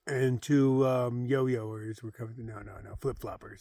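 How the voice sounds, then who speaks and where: A man's voice: mid-range voice, normal speed, hardly any pauses, darkish tone, no room sound. A man vlogging casually outdoors from his hammock camp, rambling and self-deprecating, often trailing off into a mumble. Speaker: solo thru-hiker vlogger. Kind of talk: casual outdoor vlog monologue.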